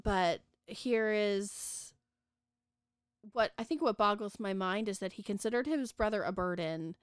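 A woman's voice: medium pitch, unhurried, smooth, no room sound, clean studio sound. A woman co-hosting a book podcast, casually retelling a novel's ending and reading passages aloud, with lots of "like" and "um". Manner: chatty, retells the plot with many "like" and "um".

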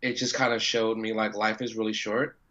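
A man's voice: on the low side, moderate pace. A man chats in an interview, telling his story with lots of life, throwing in curse words and playing out the voices of people he quotes. The sound is dull and lo-fi. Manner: animated, swears freely, acts out quotes. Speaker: professional wrestler guest. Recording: dull lo-fi audio.

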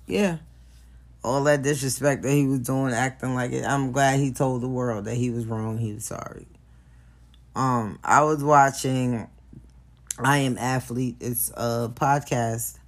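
A man runs through celebrity news on his podcast in a loose, joking way, full of slang and swearing. His voice sits in a middle pitch, and he laughs at his own takes as he goes. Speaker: podcast host. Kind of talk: casual celebrity gossip commentary.

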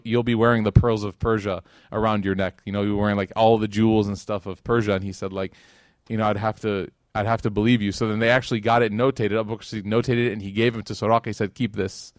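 Fast-talking man giving a casual lecture. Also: on the low side, level tone, no room sound, clean studio sound. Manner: conversational, acts out quotes, many "like" and "right?". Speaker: religious lecturer. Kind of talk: casual religious lecture with storytelling.

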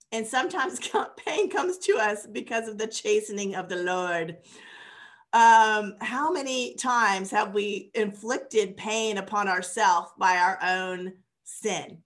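A woman's voice: medium pitch, pushed and bright. Conversational woman teaching scripture. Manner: conversational, with fillers and laughs. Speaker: bible teacher. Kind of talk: informal sermon teaching.

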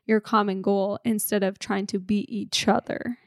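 A woman co-hosting a casual relationship talk, calm and earnest as she makes her points. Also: mid-range voice, moderate pace, no echo. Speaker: podcast co-host.

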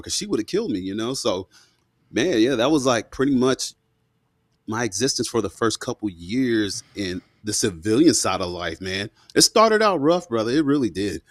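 A man in his thirties, a former police officer, telling a story as a guest in a casual, slangy and animated way. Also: mid-range voice, a little fast, no room sound, clean studio sound. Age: 30s. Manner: slangy and animated, full of asides.

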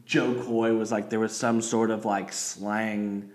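A man's voice: fairly low pitch, little pitch movement, slow pace, darkish tone. A man in a casual podcast chat, telling a rambling story full of "like". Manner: rambling storyteller, heavy use of "like".

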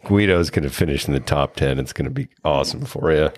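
A man with a very deep voice co-hosting a casual golf podcast. He is easygoing and upbeat, teasing his friend along. The sound is dry and close, with little room. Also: fast talker, a little mellow, no echo. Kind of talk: casual chat.

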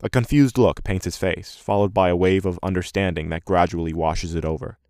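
Deep-voiced man narrating fiction. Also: steady tone, a little fast, darkish tone, clean tone, dry recording, clean studio sound. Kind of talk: first-person fiction narration.

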